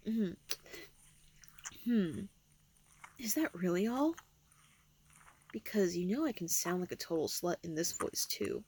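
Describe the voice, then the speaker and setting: A young woman in a whispered role-play, talking in a teasing, intimate, breathy way. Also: fairly low pitch, animated, normal speed, a little mellow.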